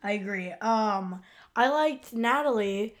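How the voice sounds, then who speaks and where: A woman's voice: mid-range voice, animated, slow pace. A woman co-hosting a podcast, laid-back and teasing, who laughs easily while recapping an episode. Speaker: podcast co-host. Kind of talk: casual episode recap chat.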